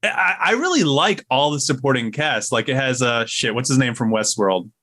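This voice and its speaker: A man's voice: medium pitch, expressive, moderate pace, sharp tone. A man co-hosting a podcast in casual chat, laughing often and fumbling for names. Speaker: podcast co-host.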